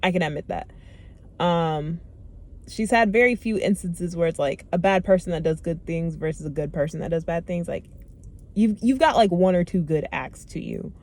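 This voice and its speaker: A young woman talking to camera in a casual book review vlog, chatty and animated, with lots of fillers and exasperated asides. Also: on the low side, moderate pace. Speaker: book vlogger.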